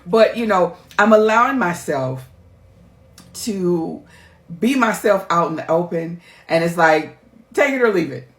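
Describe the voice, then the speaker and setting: A middle-aged life coach talks candidly to her viewers in a personal vlog, heartfelt, emphatic and chatty. Her voice is on the low side, expressive and measured, with a roomy echo in the recording.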